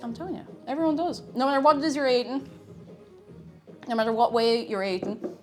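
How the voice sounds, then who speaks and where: A woman's voice: sits high, quick pace. A woman chatting to her viewers in a casual, self-mocking way while she bakes in her kitchen. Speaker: streamer. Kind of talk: live-stream baking chat. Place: home kitchen.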